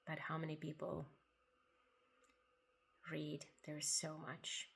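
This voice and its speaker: Speaking slowly and gently about spiritual ideas, a woman writer pauses often, sometimes drops into a breathy half-whisper, and laughs quietly now and then. Her voice is low-pitched and monotone.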